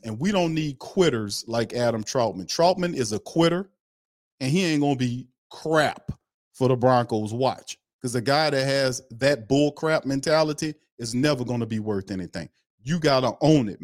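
A man's voice: mid-range voice, no echo, studio quality. A man hosting a sports podcast, giving blunt, fired-up opinion commentary, repeating his points and laughing between remarks.

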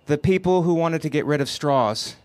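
A middle-aged man doing a stand-up set, delivering jokes punchily with sudden loud rants, and dropping to a quiet, measured tone in reflective asides. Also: a little high, background noise. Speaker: stand-up comedian.

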